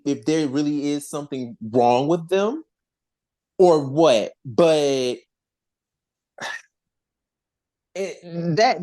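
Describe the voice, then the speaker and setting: A podcast host in casual chat, talking in an animated, rambling way with frequent restarts and swearing. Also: mid-range voice.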